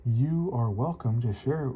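A man voicing a calm, kindly male elephant who answers politely and patiently in a read-aloud storybook. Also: medium pitch, measured pace, breathy edge. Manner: patient, polite, gently firm.

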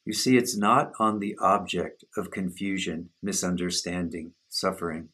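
A man leads a satsang, his words unhurried and contemplative as he guides listeners through self-inquiry. His voice sits very low and carries a husky grain. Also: steady tone, a bit bright. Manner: slow, measured, contemplative. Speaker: spiritual teacher.

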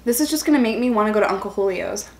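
A woman's voice: mid-range voice, animated, rapid-fire, a little mellow, reverberant, a little hiss or hum. A young woman chatting casually and self-mockingly at a table at home while eating for her vlog. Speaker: vlogger.

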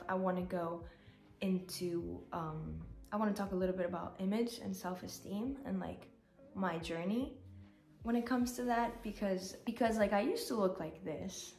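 A woman's voice: medium pitch, a little mellow. A woman vlogger giving a candid, rambling personal update, often saying "like", at times tearful. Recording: roomy echo, faint music.

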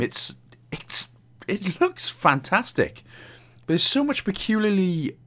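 Cheeky Welsh man narrating a game. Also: medium pitch. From Wales. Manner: chatty, cheeky, jokes and laughs often. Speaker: game walkthrough host. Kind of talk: casual gameplay commentary.

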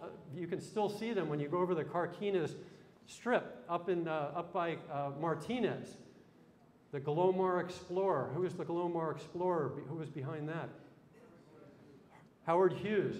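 A man with a fairly high voice gives a live history talk in a lecture hall, chatty and loose, tossing questions at his listeners. His voice rings out with a long reverb off the hall walls. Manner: chatty, quizzes the audience with questions.

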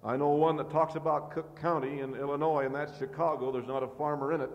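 A middle-aged American man who leads a farm organization, giving a convention speech with forceful, repetitive rhetoric. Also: on the high side, level tone, quick pace, muffled recording. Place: large convention hall. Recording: echoey hall, old cassette tape.

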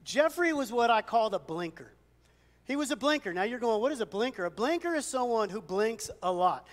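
A man with a fairly high voice delivers a sermon from a church sanctuary. He preaches conversationally, telling stories and poking fun at himself. His words trail off into a long hall reverb. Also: animated, fairly quick. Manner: conversational storytelling with self-deprecating humor. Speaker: pastor.

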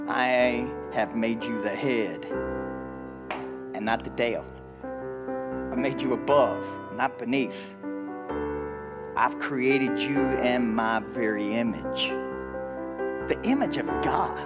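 A man delivers a live church sermon, his voice sitting a little high for a man. He drives his points home with repeated, rising phrases and sudden loud emphasis. Instrumental music plays clearly beneath him throughout. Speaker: pastor. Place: church sanctuary.

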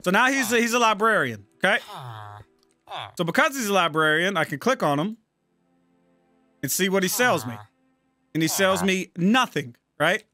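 Animated, bright-voiced profane gamer guy. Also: sits high, moderate pace, long pauses, no echo, faint music behind. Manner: profane, exasperated, talking to himself. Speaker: gaming channel host. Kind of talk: casual gameplay commentary.

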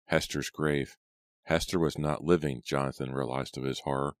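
Deep-voiced male reader for a horror audiobook, measured and dramatic, close and dry. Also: fairly even intonation, no echo. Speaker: audiobook narrator. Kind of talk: scripted narration.

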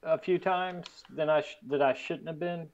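A man's voice: on the high side, steady tone, moderate pace, lo-fi sound. A man from the southern United States with a mild Southern accent, a podcast guest who chats casually in short, laid-back remarks. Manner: brief laid-back interjections.

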